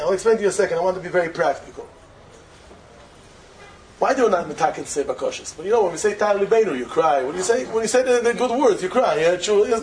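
High-pitched guy giving a torah talk, gets really animated, faint hiss behind. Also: rough recording. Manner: animated, mixes Yiddish and Hebrew terms, rises to emphatic peaks. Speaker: religious speaker.

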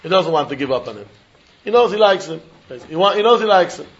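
Animated Talmud teacher with lilt. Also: male voice, sits high, quick pace, lo-fi sound. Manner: sing-song study-hall explaining, acting out both sides of a deal. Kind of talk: animated Talmud class lecture.

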